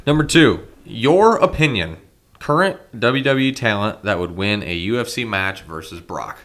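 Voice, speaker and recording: A man with a very deep voice that still has a bright, forceful edge. He co-hosts a relaxed chat, reading out questions and tossing in dry, teasing remarks. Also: moderate pace. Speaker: co-host reading listener questions. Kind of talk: casual chat.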